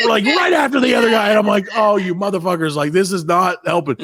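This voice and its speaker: A man's voice: high-pitched, normal speed, no room sound. A middle-aged man and father telling a comic story on a podcast, swearing freely and acting out the people in it. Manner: profane, animated anecdote-telling with quoted voices. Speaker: podcast co-host. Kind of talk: casual comedic storytelling.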